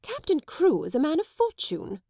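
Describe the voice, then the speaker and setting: A woman reading an audiobook, voicing a stiff, indignant middle-aged schoolmistress who turns shrill. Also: wildly swooping pitch, normal speed, warm tone, no echo, exaggerated voice. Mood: shocked. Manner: haughty, shrill when shocked.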